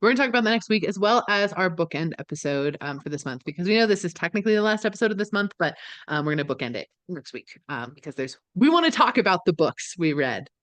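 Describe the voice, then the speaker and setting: A woman's voice: on the low side, big pitch swings, fast, a bit bright, no echo. A woman co-hosting a casual podcast, talking eagerly and persuasively with plenty of "like" and "um". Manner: enthusiastic, persuasive, frequent "like" and "um". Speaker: podcast co-host.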